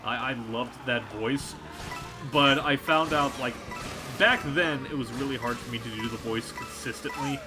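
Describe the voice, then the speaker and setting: A man streaming a kart racing game, chatting casually with an animated, rambling manner full of restarts. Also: mid-range voice, moderate pace. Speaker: streamer and voice actor. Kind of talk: casual chat while gaming. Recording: game music playing behind.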